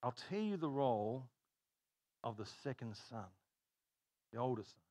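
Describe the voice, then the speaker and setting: Brief: lively male pastor, sermon delivery, pitch leaping up and down, dry close sound. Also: a little slow, no room sound. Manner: animated storytelling, laughs at own jokes.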